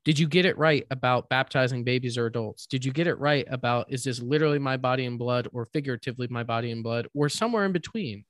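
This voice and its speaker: A man's voice: mid-range voice, fast talker, few pauses, dry recording, clean studio sound. A man co-hosting a faith podcast, reflective, building his points with pointed questions. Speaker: podcast co-host. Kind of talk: casual faith podcast chat.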